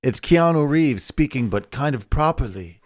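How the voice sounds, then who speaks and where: A man's voice: mid-range voice, animated, moderate pace, no echo, clean studio sound. Easygoing man hosting a podcast. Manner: easygoing, steers the segments. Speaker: podcast host. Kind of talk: casual chat.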